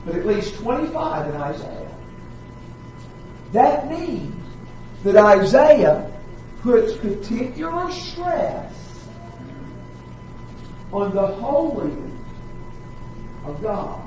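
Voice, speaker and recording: A man preaching a sermon, slowing down to stress repeated words with dramatic weight. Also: high voice, big pitch swings, noisy background. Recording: echoey hall, distant mic, dull sound.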